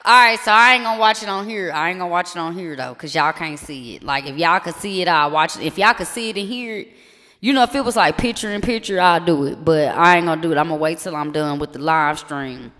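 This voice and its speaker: A live streamer with a medium-pitched, sharp-toned voice rambles through a casual chat, loose, slangy, and full of swearing, occasionally stumbling into halting French. Music plays behind him with a long reverb.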